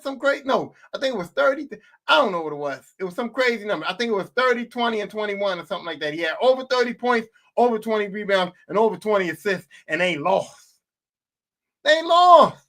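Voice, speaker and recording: A man's voice: high voice, fairly bright tone. A man hosting a podcast, delivering a heated, profane sports rant full of repeated rhetorical questions. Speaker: podcast host.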